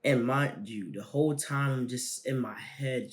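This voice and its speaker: A young man hosting a self-help video, telling a personal story in slangy, animated casual talk that swings between loud bursts and quiet asides. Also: medium pitch, unhurried, hardly any pauses.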